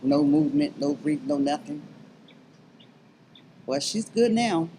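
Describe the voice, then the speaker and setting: Earnest middle-aged woman, halting testimony. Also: low voice, lively intonation, noisy background. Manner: earnest, halting, rising to fervent urging. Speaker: interview guest, abuse survivor. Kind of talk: emotional personal testimony.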